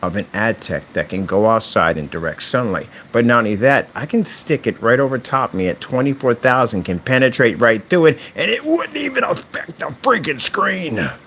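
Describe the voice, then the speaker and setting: A man's voice: medium pitch, a bit bright, a little hiss or hum. A man who runs a screen paint business, talking casually and boastfully to camera, trash-talking his competitors. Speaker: screen paint company owner. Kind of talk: casual promotional rant to camera.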